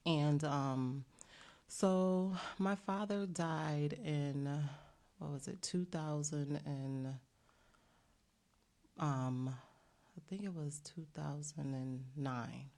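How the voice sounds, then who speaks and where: Woman, low voice, middle-aged, earnest storyteller, lots of fillers, interview guest. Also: drawn-out words, dark tone. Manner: earnest, many fillers, acts out quotes. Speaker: bakery owner, guest.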